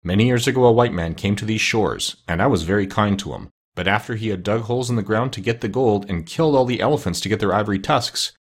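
A man doing a stern storybook king. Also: lowish voice. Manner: stern, indignant. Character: proud, stern old African king, quick to anger. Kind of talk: storybook reading.

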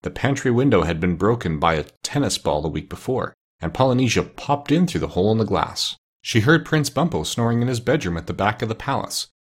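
Low, husky male storyteller. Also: lively intonation, fairly quick, hardly any pauses. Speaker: narrator. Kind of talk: audiobook reading of a children's novel.

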